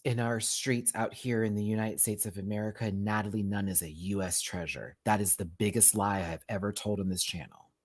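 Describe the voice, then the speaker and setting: A man's voice: fairly low pitch, fairly even intonation. A man from Houston, hosting a live reaction stream with sassy, campy asides. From Houston, Texas. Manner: sassy and campy, quick asides and frequent laughter. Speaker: host of a live reaction show. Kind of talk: casual livestream commentary.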